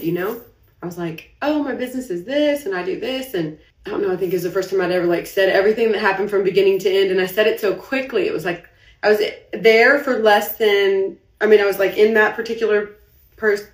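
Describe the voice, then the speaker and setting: Young woman rambling on a late night live stream, anxious, trying not to cry, roomy echo, a bit far from the mic. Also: medium pitch. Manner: rambling, confessional, fighting back tears. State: anxious, heart racing. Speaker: business owner livestreaming. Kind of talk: emotional late-night live video monologue.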